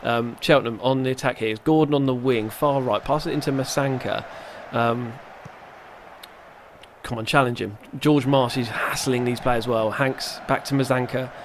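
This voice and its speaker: There's background noise behind this gaming YouTuber, whose mid-range voice holds a steady tone at a moderate pace. He chats and rambles through his let's-play commentary, poking fun at himself and reacting out loud to the match.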